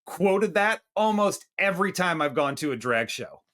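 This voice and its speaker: A man co-hosting a comedy movie review podcast, with a voice a bit higher than most men's. He chats loosely and swears often. He keeps throwing in quick asides as he talks. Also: expressive, fairly bright tone. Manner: profane, chatty, quick asides. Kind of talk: casual chat.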